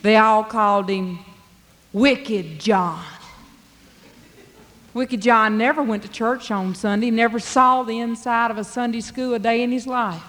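A woman storyteller performs a folk tale in a drawling, dialect-rich way. Her voice is mid-range and a bit bright, and the recording carries a long hall reverb.

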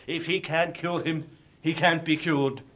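Knowing irish countryman, voiced by a man, low confiding tone, fairly high voice. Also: fairly even intonation, unhurried, a bit bright. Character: gruff middle-aged man from Tipperary, knowing.

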